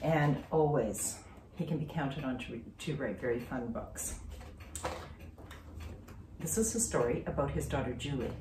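A woman teacher reading a children's story aloud with expressive, dramatic storytelling. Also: very deep voice, measured pace, long pauses, noisy background. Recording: roomy, distant from mic.

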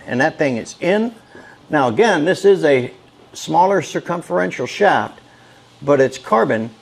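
A man's voice: on the high side, creaky. Enthusiastic man reviewing gear outdoors. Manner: enthusiastic, folksy, repeats for emphasis. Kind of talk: casual product review vlog. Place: outdoors on a lake, then a patio.

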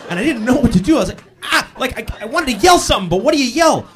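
Animated stand-up comedian, high lively voice. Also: male voice, fast talker. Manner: animated storytelling, bursts into loud yells for punchlines. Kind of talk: stand-up set. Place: comedy club stage with audience. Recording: live club recording with audience laughter. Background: audience laughter.

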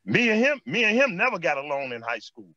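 Animated Chicago man telling street stories. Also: high-pitched, brisk, dry recording, dull audio. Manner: animated street storytelling, repeats phrases and says "man" often. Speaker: former basketball player, guest. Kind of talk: storytelling interview chat.

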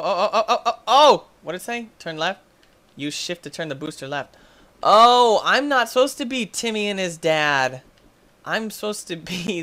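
A young man playing a video game and commenting on it, excitable, yelping and laughing often. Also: fairly high pitch. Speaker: gaming YouTuber.

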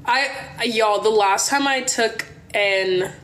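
Chatty young woman from Maryland, animated. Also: a little high, takes it slowly, slight background noise. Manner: animated, chatty, swears, addresses viewers as y'all. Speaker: livestream host. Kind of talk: casual livestream storytelling. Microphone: phone.

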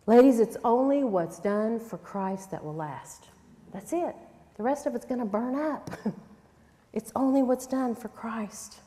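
A woman's voice: a little high, moderate pace, dark tone. A middle-aged woman teaching a sermon at a women's conference, earnest and emphatic, with frequent rhetorical questions. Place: large church hall. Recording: long hall reverb.

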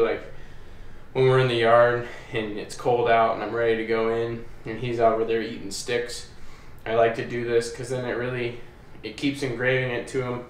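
A man's voice: mid-range voice, distant mic, a little hiss or hum. Easygoing guy talking thru dog training, echoey room, a bit away from the mic. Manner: relaxed, plainspoken, upbeat commands to the dog. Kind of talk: casual explaining while training.

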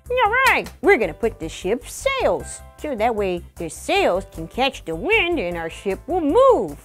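A woman voicing a cheerful young gummy gator pirate in a kids' pretend-play video, full of excited whoas and squeals. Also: fairly high pitch. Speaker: show's title character. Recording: music playing behind.

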